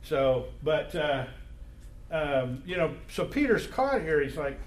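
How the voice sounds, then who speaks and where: A man teaches an informal Bible class in a room with a noticeable echo. His voice sits fairly high for a man, and he keeps turning to the group with questions in a loose, conversational way. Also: very animated, slow, slight background noise. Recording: echoey room.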